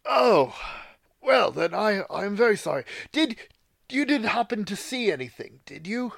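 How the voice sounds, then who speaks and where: A man's voice: sits high, big pitch swings, measured pace, creaky, a bit bright, dry recording, clean studio sound, voice pushed up, full character voice. A man voicing a pompous, self-assured male adventurer with a grandiose, florid way of talking.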